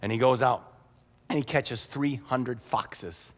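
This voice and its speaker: A man's voice: medium pitch, slow pace. A man preaching a sermon as pastor, retelling a story in a humorous, conversational way. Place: church sanctuary. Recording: echoey church hall.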